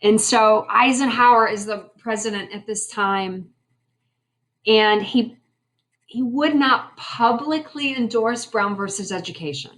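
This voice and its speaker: A woman's voice: fairly high pitch, unhurried, fairly bright tone. A woman teaching a history lesson in a conversational way, asking her class questions and making wry asides. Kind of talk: classroom lecture.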